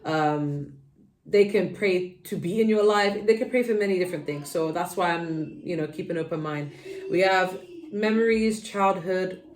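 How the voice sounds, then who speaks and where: A woman's voice: fairly low pitch, moderate pace, a little hiss or hum. A woman giving a tarot reading to her viewers, rambling and earnest, with many fillers and restarts. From United Kingdom. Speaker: tarot reader. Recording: echoey room, voice a little far from the mic.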